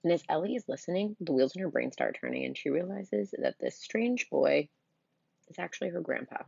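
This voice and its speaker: A woman's voice: deep voice, expressive, fairly quick, vocal fry, darkish tone, breathy edge, no room sound, lo-fi sound. A middle-aged woman reading a children's novel aloud, with chatty, punny asides to her listeners. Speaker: storybook reader.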